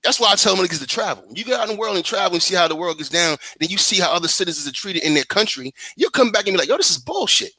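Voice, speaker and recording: Fast, bright-voiced American man ranting. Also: high-pitched, no room sound. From United States. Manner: animated, profane, rambling with restarts. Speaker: guest on a talk stream. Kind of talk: heated political chat. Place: living in Germany.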